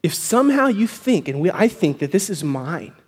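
High-voiced pastor preaching. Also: male voice, big pitch swings, moderate pace, husky. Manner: storytelling, acting out voices, builds to fervent proclamation. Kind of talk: sermon. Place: church sanctuary.

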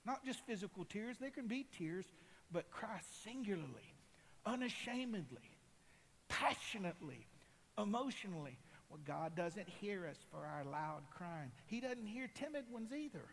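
Impassioned high-voiced male preacher, reverberant hall. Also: sing-song, unhurried, vocal fry, a little hiss or hum. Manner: impassioned, builds to loud cries. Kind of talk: sermon.

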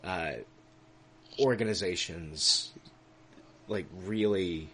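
A man's voice: low-pitched, drawn-out words, sharp tone, slight background noise. A man co-hosting a podcast in casual political chat, ranting with plenty of swearing, laughing often and tripping over his words. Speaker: podcast co-host.

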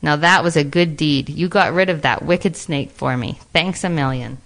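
A woman's voice: low-pitched, normal speed, fairly bright tone. Brief: a woman playing an earnest storybook peasant, pleading tone. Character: pleading male peasant farmer.

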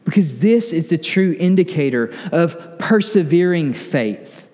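A male pastor preaches earnestly, pausing and slowing on key words and sometimes dropping almost to a whisper. His voice sits a little high for a man. The sound carries a long reverb from a church sanctuary. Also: lively intonation, mellow. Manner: earnest preaching, slows for emphasis, drops to near-whisper on lists. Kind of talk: sermon.

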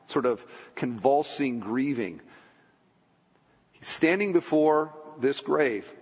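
A man preaching a sermon as a pastor, conversational, asking the congregation questions and making asides, then dropping low and quiet for solemn points. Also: husky. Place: church sanctuary. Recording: long church-hall reverb.

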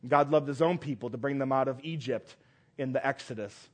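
A man's voice: medium pitch, fairly quick. A male pastor preaching a sermon, reading scripture aloud with earnest, rising emphasis.

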